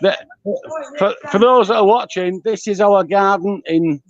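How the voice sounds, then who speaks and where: A man's voice: high voice, unhurried, dull audio. A man teasing a friend over a video call from an outdoor garden in the heat, blunt and full of banter. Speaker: guest calling in. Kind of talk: casual chat on a video call. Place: outdoor garden in a hot climate.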